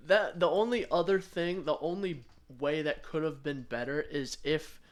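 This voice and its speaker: A man's voice: on the high side, normal speed. A young man co-hosting a casual podcast, talking in a thoughtful, easygoing way and laughing easily. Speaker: podcast co-host. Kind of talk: casual chat.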